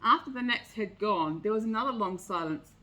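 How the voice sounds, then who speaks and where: A woman's voice: medium pitch, animated, fairly quick, pushed and bright, rough recording. A woman reading a picture book aloud with expression. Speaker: storyteller.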